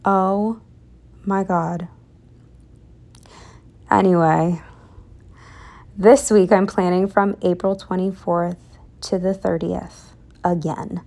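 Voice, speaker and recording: A woman's voice: lowish voice, steady tone, slow pace, gravelly, pauses often, mellow. A young woman recording a casual voiceover for a planning video. She sounds exhausted and exasperated, rambles, and drops into whispers. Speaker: planner vlogger.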